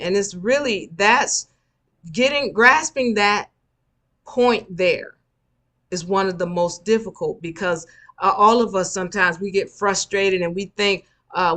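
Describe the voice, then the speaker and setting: A woman with a medium, slightly bright voice gives a live spiritual lecture as a spiritual teacher. She speaks emphatically and repeats her key points for the audience.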